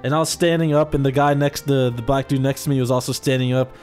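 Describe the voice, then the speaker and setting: A man's voice: medium pitch, fairly even intonation, quick pace, darkish tone, faint music behind. A man chatting casually as co-host, rambling and laughing, with lots of filler words. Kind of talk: casual chat.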